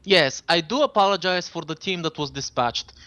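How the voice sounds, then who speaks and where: A man's voice: a little high, animated, normal speed, bright, forceful tone, no echo, dull audio. A man voicing an overly polite male robot butler in a tabletop game, formal and welcoming. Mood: courteous.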